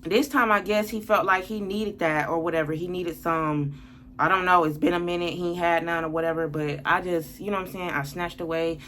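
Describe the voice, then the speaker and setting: Worked-up woman venting, low voice. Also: steady tone, a little fast, a bit bright, a little hiss or hum. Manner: blunt, profane, venting and worked up. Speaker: vlogger telling a story. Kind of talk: casual storytime monologue.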